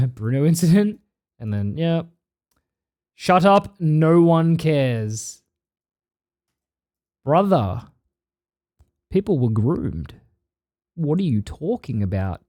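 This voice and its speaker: An Australian man runs a live stream, reading chat messages aloud and answering them in a loose, blunt way. His voice sits slightly high for a man yet sounds dark and mellow. He swears casually as he talks. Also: big pitch swings, takes it slowly, long pauses.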